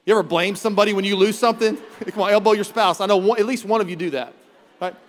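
A man's voice: high voice, rapid-fire. A man preaching a sermon as pastor, telling a self-mocking story and acting out his own quoted lines. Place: church sanctuary. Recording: long hall reverb in church.

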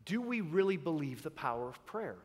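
Pastor, man, bright and high-pitched, animated storyteller, reverberant sanctuary. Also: a little fast, breathy edge. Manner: animated storyteller, acts out voices. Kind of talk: sermon. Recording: long reverb in a large hall.

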